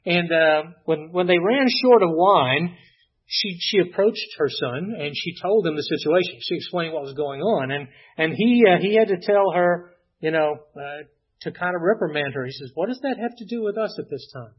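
Husky-voiced man preaching a sermon, lo-fi. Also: a little high. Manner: unhurried storytelling, frequent "uh" and restarts. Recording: dull lo-fi recording.

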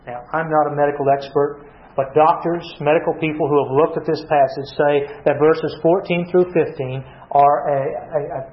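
Guy preaching a sermon, asks stuff then answers it, echoey room, kinda muffled. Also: fairly high pitch. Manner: asks questions then answers them himself. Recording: echoey room, slightly dull sound.

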